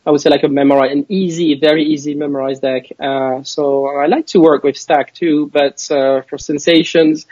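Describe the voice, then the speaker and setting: French-accented male guest, slightly high husky voice, dry lo-fi audio, animated and quick to laugh. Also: no room sound. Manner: animated, laughs often, restarts sentences. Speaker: guest magician. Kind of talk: live video interview chat. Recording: dull lo-fi dry sound.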